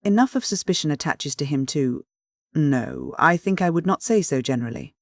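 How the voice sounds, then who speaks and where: A man's voice: on the high side, lively intonation, normal speed, dry recording. Man voicing a suave old church dean, soothing, evasive, dry close voice. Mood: smooth. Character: prudent smooth-spoken older male church dean.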